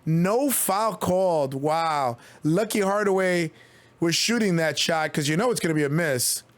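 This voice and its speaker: With a slightly high voice that's growing hoarse, a man excitedly streams basketball commentary, shouting and making quick calls. He's losing his voice, and the audio carries no room sound.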